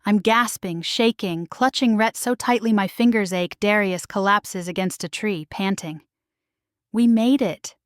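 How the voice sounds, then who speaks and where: A woman narrating a first-person paranormal romance story in a slow, dramatic delivery. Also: medium pitch, smooth, no echo, clean studio sound.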